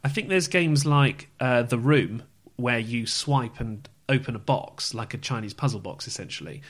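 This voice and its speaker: A man co-hosts a gaming podcast in easy, rambling chat. He corrects himself often and keeps talking. His voice sits at an average pitch. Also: normal speed. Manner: rambling, chatty, self-correcting. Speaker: podcast co-host. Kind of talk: casual chat.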